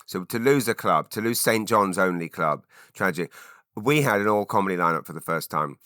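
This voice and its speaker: British man, low voice, bright forceful tone, dry close sound, rambling podcast talk. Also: animated, normal speed, no room sound. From England. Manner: rambling, self-deprecating, lots of fillers and restarts. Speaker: podcast host. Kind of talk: solo podcast monologue.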